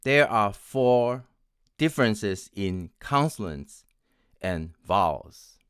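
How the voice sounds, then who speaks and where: A man in his sixties from Taiwan, an English pronunciation coach, teaching in a deliberate way and spelling words out letter by letter. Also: lowish voice, animated, fairly bright tone, clean tone, no room sound, studio quality. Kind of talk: scripted teaching.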